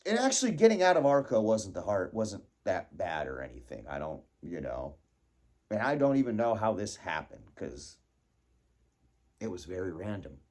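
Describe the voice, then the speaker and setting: A man telling a casual personal story, animated and laughing, acting out his own panicked thoughts. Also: sits low, normal speed.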